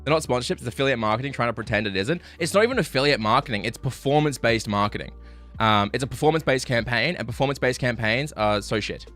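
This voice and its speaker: A man ranting on a live stream, frustrated and swearing, apologizing, swinging between loud outbursts and low muttering. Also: expressive, fast talker, faint music behind.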